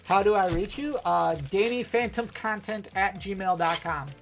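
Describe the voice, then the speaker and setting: A man's voice: high-pitched, unhurried, hardly any pauses. A man with a Wisconsin accent hosting a live stream, opening card packs and reading out chat, chatty and self-deprecating with frequent laughs. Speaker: host.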